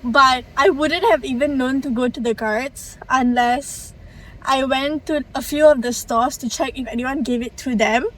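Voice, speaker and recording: A young woman with a Malaysian English accent, talking to camera in a chatty, expressive vlog. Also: high-pitched, a little slow. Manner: chatty and expressive, swings between mumbled and excited. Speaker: vlogger. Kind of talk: casual vlog talk to camera.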